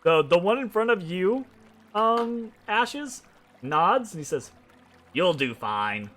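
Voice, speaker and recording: A man's voice: high-pitched, expressive, slow, a bit bright. A man narrating a tabletop game as game master, hesitant and full of ums and restarts.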